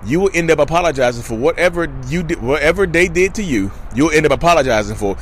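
A man with a fairly high voice giving emphatic commentary to his viewers outdoors. He repeats his points and keeps calling out to them as y'all. Faint traffic hums behind him. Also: expressive, fast talker. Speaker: vlogger. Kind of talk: casual commentary to camera.

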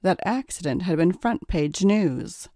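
A woman narrates an erotic audiobook in a calm, measured way. She reads slowly, with a dark, mellow tone. The recording is dry and close. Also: on the low side, dry recording.

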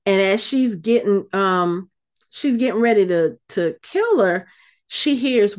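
A woman co-hosting a casual podcast, retelling a show's episode with lively acted-out quotes. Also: medium pitch, slow pace. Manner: animated storyteller, acts out quotes. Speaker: podcast co-host.

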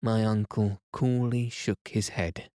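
A man reading a classic adventure novel aloud as a calm, soothing bedtime story. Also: fairly low pitch, dry recording, studio quality. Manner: slow, soothing, even reading. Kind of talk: calm sleep-story narration.

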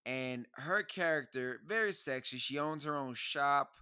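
Young guy cohosting, slangy and lively, bright punchy voice. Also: medium pitch, a little slow, clear, resonant tone. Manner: animated storyteller, slangy, acts out quotes. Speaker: podcast co-host. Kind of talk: casual chat.

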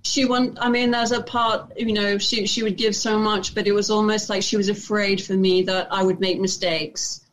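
Reflective woman actor, halting. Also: mid-range voice, level tone, slight background noise, low-quality recording. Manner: reflective, halting with many restarts and fillers. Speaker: interview guest, actor. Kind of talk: casual interview chat.

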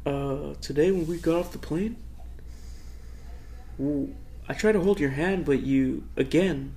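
A man's voice: a little high, measured pace, warm tone. A man playing an aging male president who nags his wife for ignoring him, in a comic improvised sketch. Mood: pleading.

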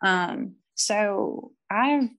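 A woman's voice: mid-range voice, extremely slow, vocal fry, fairly bright tone. A woman guest chatting casually on a podcast, giddy and rambling, swearing now and then. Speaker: guest author on divination.

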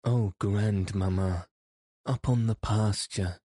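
Eager young girl, read by a man, cheerful, lifted a little, slow, dry. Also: on the low side, fairly even intonation, warm tone, dry recording. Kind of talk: audiobook character reading.

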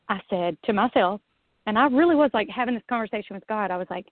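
A woman's voice: mid-range voice, fast talker, no echo. A woman guest telling her own story in a casual interview, acting out what she once said and laughing often. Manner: lively, acts out her own past remarks, laughs often. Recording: dry, phone-like line.

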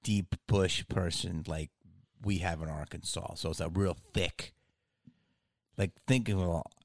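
Host type, lower-voiced man, loose rambling comic patter, laughs a lot. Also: fairly even intonation, a little slow, no echo, clean studio sound. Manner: rambling, swears, laughs often. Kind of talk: casual comedic chat.

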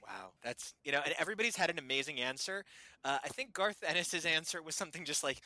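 A man's voice: fairly high pitch, lively intonation, fast talker, sharp tone, dry recording, rough recording. A man hosting a podcast interview, talking with gushing enthusiasm and laughing often. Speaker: podcast host. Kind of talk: excited casual interview chat.

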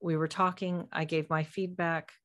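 Woman co-host, low-ish voice, animated storyteller on a casual stream. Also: normal speed. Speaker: podcast co-host. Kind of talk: casual live-stream discussion.

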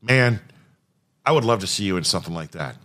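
A man's voice: low-pitched, animated, brisk, a bit bright. A man hosting a podcast, asking chatty, enthusiastic questions. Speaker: podcast host. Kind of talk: casual podcast interview.

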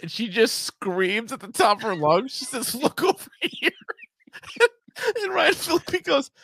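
A man's voice: very high voice, big pitch swings, a little slow, vocal fry, fairly bright tone. A man in casual podcast chat, laughing often and acting out quotes from a comedy film. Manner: laughs a lot, acts out quotes in mock voices.

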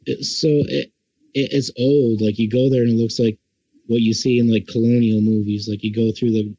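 Easygoing man, mellow, slightly lo-fi. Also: mid-range voice, little pitch movement, normal speed, no echo. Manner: enthusiastic, easygoing, frequent "like". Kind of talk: casual chat.

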